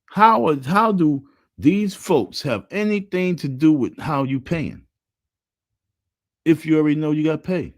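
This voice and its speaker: Animated man ranting on a livestream. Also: on the high side, no room sound, clean studio sound. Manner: animated, repetitive chanting, mocking voices. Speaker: livestream host. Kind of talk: casual livestream rant.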